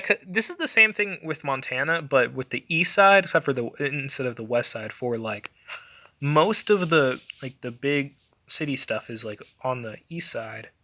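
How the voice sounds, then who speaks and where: A man's voice: medium pitch, pushed and bright. A young man casually talking over a map, rambling with lots of fillers and self-corrections as he ranks things. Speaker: vlogger.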